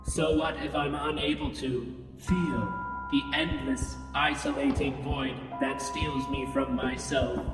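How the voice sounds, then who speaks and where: A man voicing a sulky male spaceship AI that denies having feelings, deadpan and reading its punctuation aloud, in a scripted comedy audio piece. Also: medium pitch, slow, music in the background, lightly acted. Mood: brooding. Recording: echoey hall, distant from mic.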